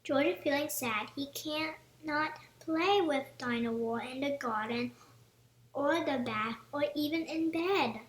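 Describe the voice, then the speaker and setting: A woman reading a slow, high bedtime story. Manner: gentle, measured storytelling. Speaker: storybook reader. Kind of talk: reading a children's picture book aloud. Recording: roomy echoey room.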